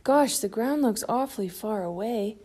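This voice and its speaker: A woman's voice: on the high side, expressive, normal speed, dark tone, husky. A woman voicing a cheerful, childlike giant bird in a storybook read-aloud, eager and wondering. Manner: eager, wondering, sometimes plaintive.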